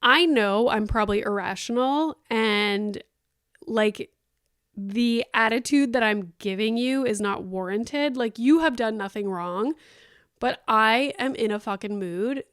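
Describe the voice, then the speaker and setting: A woman in her thirties talks through her week on her own podcast, chatty and exasperated, full of fillers. Her voice is smooth and clean, recorded close and dry with no room sound. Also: on the high side, measured pace, a bit bright, dry recording. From Canada. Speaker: podcast host. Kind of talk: casual solo podcast chat.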